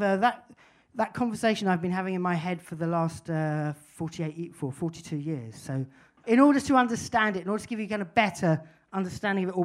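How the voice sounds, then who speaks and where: A man, giving a wry, musing storytelling talk. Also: sits high. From England. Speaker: speaker.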